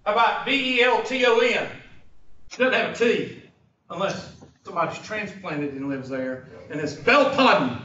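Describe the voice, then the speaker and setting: This math teacher, a Southern-accented man from Upstate South Carolina, USA, runs a casual fractions lesson full of banter, teasing folksily and cracking jokes at his listeners. He speaks expressively at a moderate pace in a high voice with a sharp tone. The recording is distant and lo-fi, dull, echoey, with faint noise.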